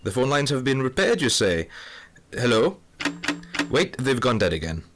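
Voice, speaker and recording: A man's voice: medium pitch, sing-song, moderate pace, heavy background noise, close to an everyday voice. A man playing a dry, melodramatic police inspector who narrates a comic mystery audio drama. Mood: wry. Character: hard-boiled Scotland Yard police inspector, middle-aged man.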